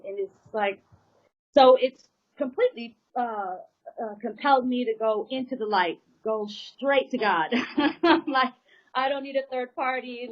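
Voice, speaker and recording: Woman on a tinny line, rambling. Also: fairly high pitch. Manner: rambling, repeats words, many fillers. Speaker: interview guest. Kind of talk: emotional personal account.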